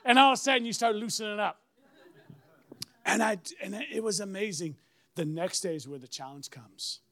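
A middle-aged man, a pastor, telling a story in a sermon with lively swings and bursts of shouted praise. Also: high voice, moderate pace, gravelly. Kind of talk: sermon testimony.

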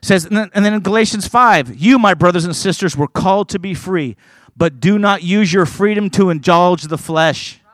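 Male preacher, high voice, earnest and emphatic, stumbles into chatty asides, close and dry. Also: moderate pace, no room sound. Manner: earnest, emphatic preaching, reading scripture aloud; conversational asides with stumbles and repeats. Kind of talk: sermon.

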